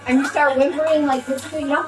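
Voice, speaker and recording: Playful high-voiced woman over music. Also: level tone, fast talker, rough recording. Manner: playful, rambling with many fillers and sudden shouts. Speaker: host of a wellness session. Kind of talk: chatty closing talk to an audience. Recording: music playing behind.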